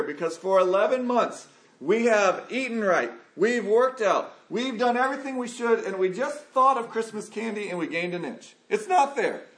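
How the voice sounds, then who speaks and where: A man preaching an earnest sermon, sometimes acting out a frustrated listener's complaints. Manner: earnest, acts out complaining voices with rising pitch.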